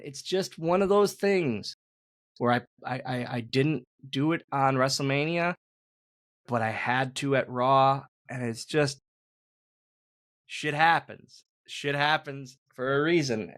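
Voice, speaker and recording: A man's voice: medium pitch, slow, fairly bright tone, dry recording, clean studio sound. A man, a former wrestler hosting a podcast, telling a story in rambling casual chat, repeating words and swearing casually.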